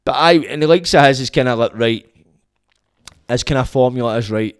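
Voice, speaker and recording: A man's voice: mid-range voice, fairly quick, smooth, no room sound, clean studio sound. A Scottish man hosting a podcast, rambling and swearing in a casual monologue into his phone. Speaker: podcast host.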